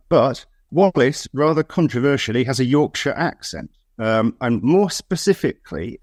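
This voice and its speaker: A man from the West Country of England, a guest speaking in casual chat over a video call, hesitant with many pauses and a wry tone. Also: medium pitch, no room sound, clean studio sound. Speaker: guest, head of local plans.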